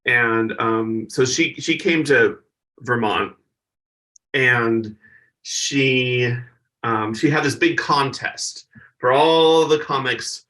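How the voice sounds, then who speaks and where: A man's voice: mid-range voice, slow pace, bright, forceful tone, distant mic, rough recording. A male stand-up comedian, a podcast guest, animatedly telling an anecdote and acting out other people's voices.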